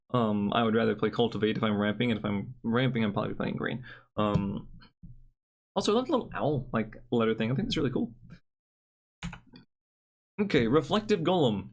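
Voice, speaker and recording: A young man giving a casual, joking card review with blunt opinions. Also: medium pitch.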